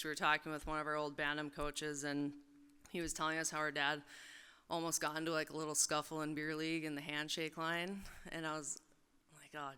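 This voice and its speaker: A woman in her thirties, being inducted into a hall of fame, gives a joking, casual acceptance speech at a podium mic on stage in a large event hall, using many fillers. Her low voice is pushed and bright, clear and resonant. The big hall sounds echoey.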